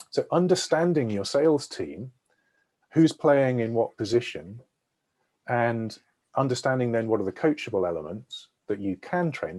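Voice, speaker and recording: Over a video call, a sales consultant runs a webinar, his voice lowish, warm, and a bit rough. He goes into long explanations while periodically checking in with the audience.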